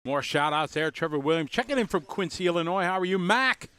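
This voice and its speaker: A man's voice: sits high, animated, fairly quick, fairly bright tone, clear, resonant tone. Chatty man giving live race commentary. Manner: chatty, greets viewers, laughs easily. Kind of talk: casual live stream commentary.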